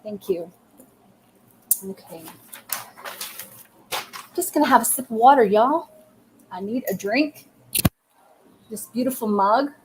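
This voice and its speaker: A woman's voice: a little high, expressive, slow, long pauses. Soothing woman medium, faint noise. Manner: soothing, affirming, speaks in short phrases and says "okay" often. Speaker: medium doing live readings. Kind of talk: live-stream reading, chatting to viewers.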